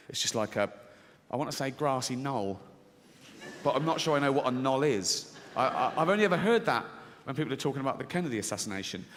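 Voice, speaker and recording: This middle-aged Englishman's stand-up is brash and full of swearing, and he plays out small exchanges by doing voices. His medium-pitched voice is a bit bright, with a little hiss or hum on the recording. He's on a large theatre stage with an audience, captured live with long reverb and a faint crowd.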